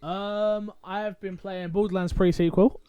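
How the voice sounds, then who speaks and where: High, excitable man in podcast chat. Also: measured pace, clear, resonant tone, no echo. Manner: excitable and playful. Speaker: podcast co-host. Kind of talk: casual chat.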